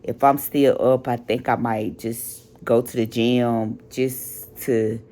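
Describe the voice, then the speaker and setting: A sleepless, tired woman vlogging casually late at night, venting frankly with drawn-out, trailing phrases. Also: a bass voice, steady tone, warm tone.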